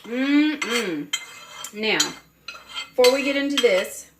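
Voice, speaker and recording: A woman's voice: medium pitch, expressive, measured pace, background noise. A woman with a Southern US accent chatting casually while she cooks, folksy and talkative, calling her viewers honey and baby. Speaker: cooking vlogger. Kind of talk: casual cooking chat to camera. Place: home kitchen. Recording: roomy kitchen with cooking noises. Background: faint clatter of dishes and cutlery.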